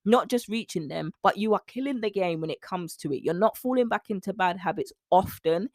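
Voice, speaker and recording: A British woman coaching listeners on weight loss in her own podcast, chatty and lively with faith-tinged asides. Her voice sits at a middle pitch and is recorded close and dry, with no room sound. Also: no echo. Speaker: nutrition coach. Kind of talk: solo podcast talk.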